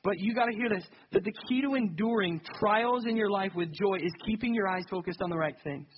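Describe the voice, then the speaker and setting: A man's voice: high voice, a little fast, highs cut off, slight background noise. A young adult man preaching a sermon in a conversational, self-deprecating way that builds to emphatic peaks. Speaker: pastor.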